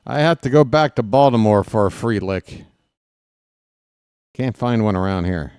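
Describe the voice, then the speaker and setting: Slow, smooth-voiced man calling a game. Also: on the low side, expressive, a little mellow, no echo, studio quality. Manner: casual, rambling, jokey, snaps at the umpire. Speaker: fan play-by-play commentator. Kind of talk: live play-by-play commentary.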